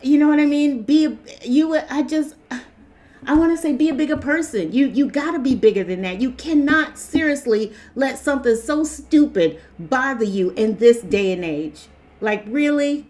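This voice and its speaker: A woman giving a casual opinion monologue, animated, repeating herself and acting out quotes. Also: sits high, normal speed. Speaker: vlogger.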